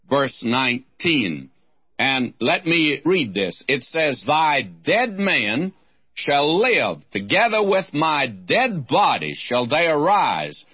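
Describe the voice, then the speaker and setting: A man's voice: mid-range voice, slightly rough, dry recording, dull audio. A man teaching a sermon on scripture in an earnest, direct way, speaking straight to his listeners. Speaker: Bible teacher. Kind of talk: radio Bible teaching sermon.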